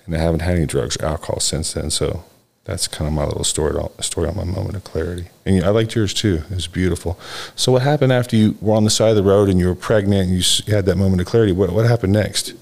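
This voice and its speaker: A deep, low-pitched older man hosts a podcast. He tells his story candidly and rambles a little, lifting his voice high whenever he acts out what someone said. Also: quick pace, gravelly, a little mellow. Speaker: podcast host. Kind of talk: casual storytelling chat.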